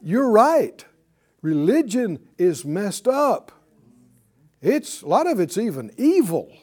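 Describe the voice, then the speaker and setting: The speaker is a Bible teacher on a broadcast lesson who takes it slowly in a mid-range voice. The delivery is animated and conversational, with questions put to the audience and chuckles during teaching.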